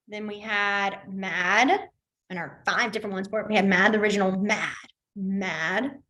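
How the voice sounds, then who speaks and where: A woman's voice: medium pitch, fairly even intonation, normal speed, pushed and bright. Chatty woman teaching a beginners' class. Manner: chatty, explains with everyday examples, laughs easily. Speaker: sign language instructor. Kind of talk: casual teaching.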